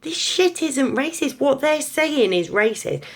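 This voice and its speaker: Gravelly-voiced sweary English woman. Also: high-pitched, unhurried. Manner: blunt, sweary, animated and chatty. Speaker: vlogger. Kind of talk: casual opinion rant to camera.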